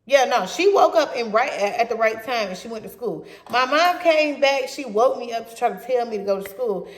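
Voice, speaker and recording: A young woman casually telling a story from her teens in a blunt, profane, animated way. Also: on the high side, brisk. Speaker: vlogger. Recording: roomy echo.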